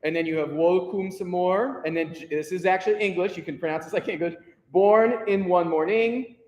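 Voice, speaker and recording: A man leading a choir rehearsal as conductor, energetic and encouraging, counting the singers in. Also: high voice, normal speed, muffled recording. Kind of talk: rehearsal instruction. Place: rehearsal room with a piano. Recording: echoey hall with piano.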